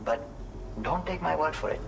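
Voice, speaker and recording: An actor playing a grateful game character with a put-on Indian accent and sentence-end flourishes. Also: male voice, fairly high pitch, normal speed, creaky, slight background noise, low-quality recording. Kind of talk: video game dialogue.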